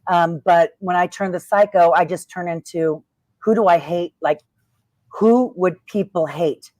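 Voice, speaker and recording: Unhurried and lowish, with no room sound, the voice is that of a middle-aged woman who was once a wrestler. She's chatting in a casual interview, an expressive, talkative storyteller who imitates the people she quotes.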